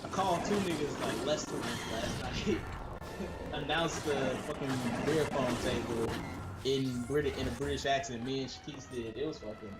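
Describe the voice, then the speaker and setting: A man's voice: medium pitch, normal speed, a loud crowd. A man co-hosting a gaming stream, chatting casually and animatedly, often slipping into mock accents and voices. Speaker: gaming channel co-host. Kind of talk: casual chat while streaming a game. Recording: echoey room with loud game music.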